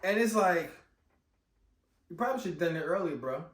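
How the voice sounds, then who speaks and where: A man recapping a movie in casual chat, animated and slangy, often exclaiming. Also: sits high, brisk. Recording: roomy echo, distant mic.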